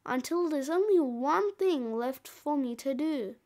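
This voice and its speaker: A woman's voice: sits high, lively intonation, measured pace, mellow. A woman reading a children's book aloud expressively, voicing the sound effects. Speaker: storybook reader.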